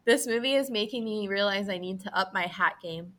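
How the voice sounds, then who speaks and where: A young woman chatting as a podcast co-host, animated and acting out quotes. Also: medium pitch, a little fast, slight background noise. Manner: animated, acts out quotes with laughs. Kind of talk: casual chat.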